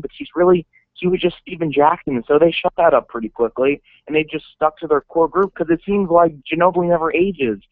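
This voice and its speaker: A man's voice: on the high side, dry recording. A man with a Florida accent, a podcast guest chatting about sports. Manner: fast and talkative. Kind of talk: casual sports podcast chat. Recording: tinny phone line.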